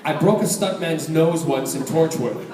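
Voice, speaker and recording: A middle-aged man from Scotland, an actor answering fan questions at a live convention panel, animated and joking, laughing often. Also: fairly high pitch, moderate pace. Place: large convention hall. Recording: echoey convention hall from a distance, loud crowd noise.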